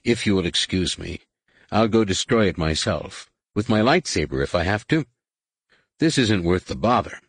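Audiobook: male reader as a prickly young warrior, curt and formal, deep husky voice. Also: animated, moderate pace, dry recording, full character voice. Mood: proud formal.

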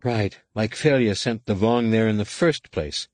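A man voicing a fierce, blunt young woman Jedi who speaks in a sharp, cutting way. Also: fairly low pitch, a little slow, no room sound, close to an everyday voice. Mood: angry.

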